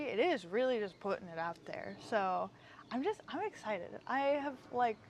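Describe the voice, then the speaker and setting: A woman's voice: a little high, slight background noise. A young woman hosting her own podcast, chatting casually and openly in a bubbly, rambling way. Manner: bubbly and rambling, with fillers and laughs. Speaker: podcast host. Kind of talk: casual solo podcast chat.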